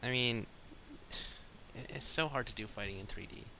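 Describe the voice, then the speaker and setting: A man's voice: medium pitch, normal speed, creaky, crowd noise. A man co-hosting a casual gaming podcast, rambling with lots of fillers. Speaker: podcast co-host. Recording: dull lo-fi with faint hiss.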